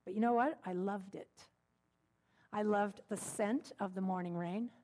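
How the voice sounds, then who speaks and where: A middle-aged woman minister preaching in a relaxed, storytelling way. Her voice sits in an ordinary middle pitch, and she mixes gentle jokes in with her teaching. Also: unhurried. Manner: warm storytelling with gentle humor. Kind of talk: sermon.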